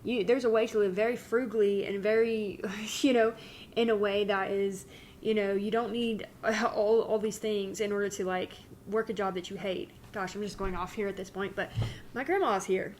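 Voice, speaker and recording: A woman's voice: medium pitch, fairly even intonation, normal speed, a little mellow, slight background noise. Candid rambling woman channeler. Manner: candid, rambling, self-interrupting. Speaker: spiritual channeler. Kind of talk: casual spiritual talk.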